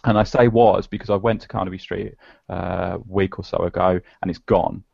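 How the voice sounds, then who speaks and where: A man's voice: sits low, fairly even intonation, brisk, gravelly, a little mellow, no echo. A man co-hosting a podcast, telling a story in casual, slightly wistful chat. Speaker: podcast co-host. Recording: dull lo-fi podcast audio.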